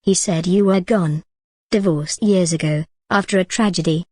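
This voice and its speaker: A woman's voice: fairly low pitch, moderate pace, a little mellow, dry recording, lightly acted. A woman voicing a French woman curator in her mid-fifties, shaken and with a cracking voice.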